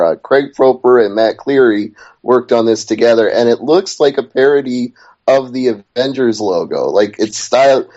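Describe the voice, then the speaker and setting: A male podcast co-host in casual chat, chatty and wandering off topic before reining it back in. His mid-pitched voice comes through dull, lo-fi podcast audio. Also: darkish tone.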